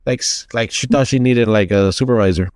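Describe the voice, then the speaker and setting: A man co-hosting a podcast, chatting casually and telling a story, acting out the people in it with lively changes of voice. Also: medium pitch, a little fast, no echo. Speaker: podcast co-host.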